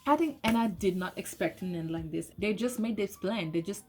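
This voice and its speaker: A woman giving a casual, excitable spoken movie review, swearing often and restarting her sentences. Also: medium pitch, brisk. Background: soft lofi music.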